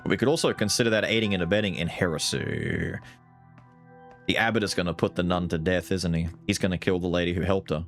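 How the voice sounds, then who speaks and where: A man giving casual, animated let's-play commentary, thinking aloud and swearing casually. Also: low voice, fast, faint music behind. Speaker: gaming YouTuber.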